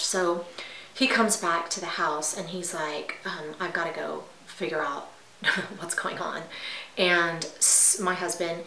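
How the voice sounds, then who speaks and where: Woman telling a dramatic story, bright voice. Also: fairly low pitch, reverberant, poor audio. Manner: animated, dramatic retelling with hushed asides. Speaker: vlogger telling a personal story. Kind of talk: casual storytime.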